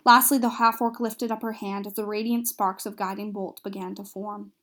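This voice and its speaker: A woman's voice: mid-range voice, steady tone, moderate pace, a bit bright. A woman narrating a recap of a tabletop fantasy game, reading steadily with small slips and restarts.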